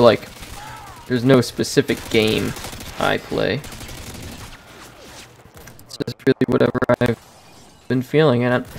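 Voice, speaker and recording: A gaming channel host rambles casually as he plays, reacting to the match into a desk microphone. He speaks at medium pitch with vocal fry.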